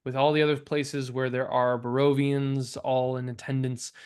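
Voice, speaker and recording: A man narrating as game master of a tabletop game, halting and full of fillers. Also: medium pitch, flat delivery, clear, resonant tone. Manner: halting, many fillers and restarts.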